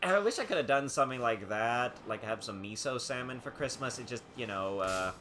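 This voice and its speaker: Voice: medium pitch, animated, brisk, a bit bright, faint music behind. A streamer who chats casually while playing a game, rambling through stories and laughing often.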